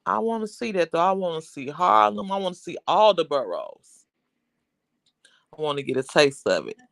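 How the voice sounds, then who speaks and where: A woman's voice: on the low side, sing-song, moderate pace, vocal fry, no echo, clean studio sound. A woman hosting a casual livestream, chatting with viewers in a rambling, talkative way. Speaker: livestream host.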